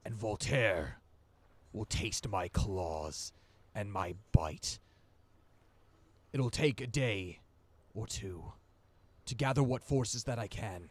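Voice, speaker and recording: A man acting as game master, voicing a grave, protective shape-changer chieftain in a tabletop game with a slow, solemn manner. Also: on the low side. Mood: resolute.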